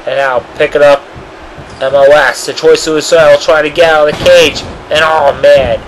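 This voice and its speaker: A man giving excited amateur play-by-play commentary on a cage wrestling match, bursting out with "oh" and "oh man" throughout. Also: fairly high pitch, normal speed, a little hiss or hum, low-quality recording. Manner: excitable, frequent oh and oh man exclamations.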